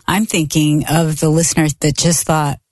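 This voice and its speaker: A woman's voice: low voice, level tone, moderate pace, a little mellow, no echo, studio quality. A woman co-hosting a podcast, chiming in playfully and laughing easily in casual chat.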